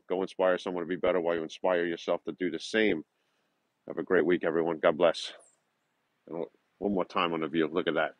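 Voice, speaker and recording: New York-accented realtor, low and deep, casual motivational vlogger with filler words; dry, muffled lo-fi audio. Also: male voice, level tone, fairly quick, dry recording. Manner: loose, with frequent uh and um fillers. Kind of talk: motivational morning vlog with prayer. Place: outdoors at a lakeside park at dawn. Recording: dull, dry, lo-fi sound.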